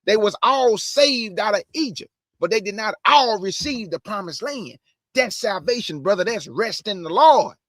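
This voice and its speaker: A man with a very high, bright, forceful voice delivers energetic street-style Bible preaching at normal speed, swinging from solemn scripture reading to loud, slangy exhortation. He's animated, with shouting bursts and slangy asides. The close mic sounds dry and direct, with no room around him.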